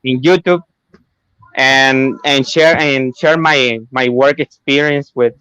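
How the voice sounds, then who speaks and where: A man's voice: mid-range voice, fairly even intonation, measured pace, sharp tone, clean tone, no room sound, rough recording. A man who works in a call center, speaking as an interview guest and hesitating as he searches for his words. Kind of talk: casual interview advice.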